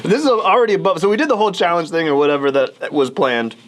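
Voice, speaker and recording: A man's voice: on the high side, fast talker, background noise. A man hosting a casual radio chat while eating hot wings, laughing often and strained by the heat. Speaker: radio show host. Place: radio studio.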